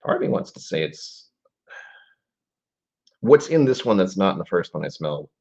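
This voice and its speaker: A man in his forties with a low, husky voice chats casually on a live stream, thinking out loud and drifting into trailing asides. The stream audio is dull and lo-fi. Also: very animated, moderate pace. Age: 40s. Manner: musing aloud, rambling with trailing asides. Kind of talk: casual live-stream whiskey tasting chat.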